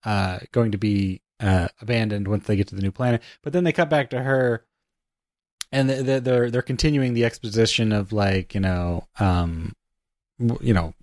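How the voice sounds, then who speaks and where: A man's voice: lowish voice, normal speed, darkish tone, no echo, clean studio sound. A man co-hosting a casual film podcast, speaking thoughtfully and hesitantly as he critiques scenes. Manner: hesitant, many fillers and restarts, thoughtful. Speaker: podcast co-host.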